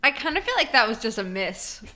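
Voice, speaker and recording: A woman co-hosting a podcast, retelling film scenes in an animated, giggly way. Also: fairly high pitch, fairly quick. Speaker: podcast co-host. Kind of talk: casual film discussion.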